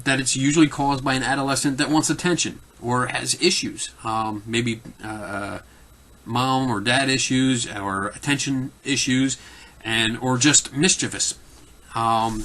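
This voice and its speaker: A man with a Philadelphia accent speaks with a bright, forceful tone. He answers viewer questions casually and off the cuff. He rambles and fills pauses with restarts and lots of ums. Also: medium pitch. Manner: rambling, many fillers and restarts.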